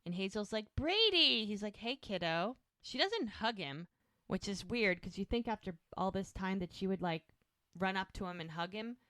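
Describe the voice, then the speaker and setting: A woman's voice: medium pitch, normal speed, fairly bright tone, dry recording, studio quality. A woman co-hosting a podcast, casually retelling scenes and briefly mimicking the characters' lines. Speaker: podcast co-host. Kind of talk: casual recap chat.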